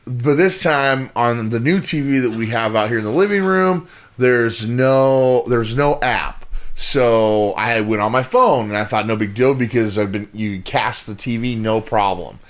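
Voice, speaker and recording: A man's voice: medium pitch, a little slow. A man co-hosting a podcast, telling a long exasperated story in casual, profane chat with lots of rambling restarts. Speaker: podcast co-host.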